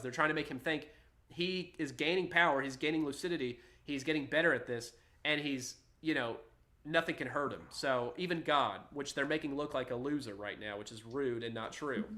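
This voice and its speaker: Brief: male podcast host, casual and scoffing, bright tone, talks loose and lively. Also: on the high side. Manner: animated, scoffing, casually profane.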